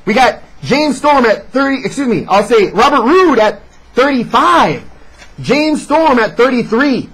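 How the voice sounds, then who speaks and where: A man reviewing a wrestling show in casual chat, sarcastic and animated as he recaps. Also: very high-pitched, measured pace, breathy edge, poor audio.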